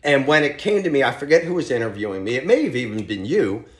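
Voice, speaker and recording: Man, podcast guest, lively motivational storyteller, mid-pitch voice, roomy echo. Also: fast. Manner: animated storyteller, motivational, talks in loose restarts. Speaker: podcast guest, real estate team leader.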